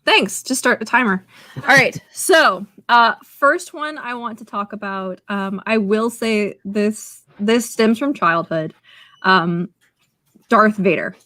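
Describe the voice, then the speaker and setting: A woman co-hosting a podcast in casual chat, excitable and chatty, stringing her stories together with lots of "like". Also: medium pitch, takes it slowly, no echo. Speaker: podcast co-host.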